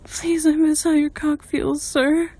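High-pitched young woman, slow halting speech, stutters and apologizes, breathy. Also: flat delivery, warm tone.

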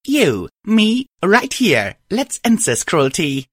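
A man's voice: sits high, huge pitch swings, slow, no room sound, clean studio sound, voice pushed up, exaggerated voice. A man voicing a defiant, hot-tempered young alicorn hero who speaks in a strained, urgent way.

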